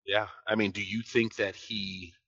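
Podcast co-host, man, relaxed slangy chatter, bright tone, dry close sound. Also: lowish voice, a little slow, husky, dry recording, lo-fi sound. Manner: laid-back, slangy, many "you feel me" asides. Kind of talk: casual chat.

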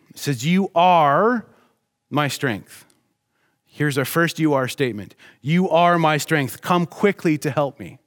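A middle-aged male pastor gives a sermon in a relaxed, conversational way and tells family stories. His voice sits somewhat high for a man. He slows right down to stress the points he wants to land. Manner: storytelling, conversational, slows for emphasis.

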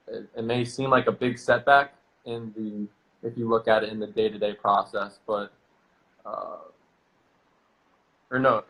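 A young man talks as a guest, calm and thoughtful, pausing on fillers. His voice is low and quite flat. It has a bright, forceful edge. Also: low-quality recording. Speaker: football player, guest. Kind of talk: reflective interview talk.

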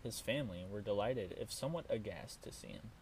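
A man reading a fairy tale aloud in a calm, measured storytelling manner. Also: lowish voice, slight background noise. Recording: voice from a distance.

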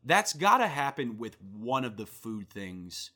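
A man's voice: medium pitch, big pitch swings, a little slow, sharp tone. A young man co-hosting a casual podcast, joking and swearing, acting out voices in his stories. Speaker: podcast co-host. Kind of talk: casual chat.

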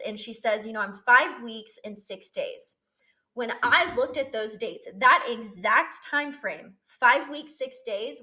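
A woman's voice: on the high side, bright, forceful tone. Young woman vlogger with a raised voice, telling her story openly and emotionally, with blunt language. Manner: candid and emotional, swears freely. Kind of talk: personal storytelling.

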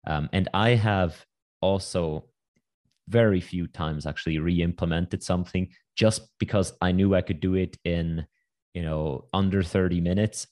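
A man talking as a podcast guest in a casual interview, quick and wry with lots of asides. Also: low voice, darkish tone.

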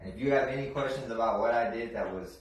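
A professional boxer and trainer in a casual podcast interview, telling stories with lots of restarts and repeated words. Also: male voice, mid-range voice, quick pace. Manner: animated storytelling with frequent restarts and repeated words. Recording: very echoey room, distant mic, faint noise.

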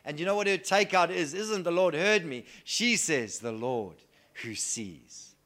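A man preaching a sermon earnestly, moving between soft hushed lines and loud emphatic declarations. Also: a little high, expressive, a little slow.

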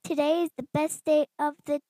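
A woman voicing an excitable, cheerful female pig from a picture book in a slow, eager, sing-song reading. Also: high voice, dry recording, natural voice. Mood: excited.

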